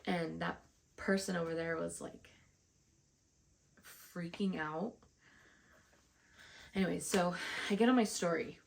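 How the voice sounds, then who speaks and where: Slow, gravelly-voiced woman telling a story. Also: lowish voice, fairly even intonation. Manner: frustrated, swears often, retells with quoted dialogue. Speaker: vlogger. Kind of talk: casual storytime vlog.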